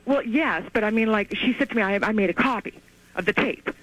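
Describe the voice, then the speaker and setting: A woman calling in to a radio show over the phone, telling her story in an excited, rambling way with many restarts. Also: mid-range voice, fairly quick, no room sound. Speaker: caller. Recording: tinny phone line.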